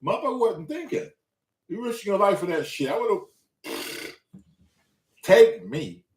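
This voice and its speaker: A man's voice: high-pitched, very animated, slow, gravelly, recorded from a distance. A man hosting a talk show, telling a story in a casual, profane and emphatic way. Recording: roomy echo.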